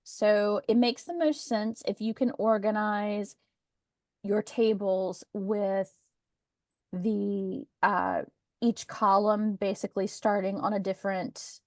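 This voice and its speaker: A woman's voice: mid-range voice, steady tone, slow pace, darkish tone, no echo. A woman presenting a webinar over a video call, explaining document accessibility in a chatty, practical way with the odd sarcastic aside.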